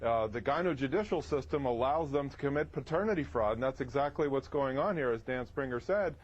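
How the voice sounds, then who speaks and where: A man's voice: medium pitch, expressive, fairly quick, highs cut off. A man arguing heatedly on a TV debate panel, talking over the others and reeling off statistics to press his point. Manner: combative, talks over others, rattles off statistics. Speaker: opinionated TV panel guest.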